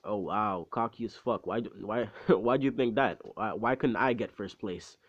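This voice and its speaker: A man's voice: lowish voice, normal speed, muffled recording, close to an everyday voice. A man quoting a sassy, blunt girl. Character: sassy, blunt teenage girl with fire powers.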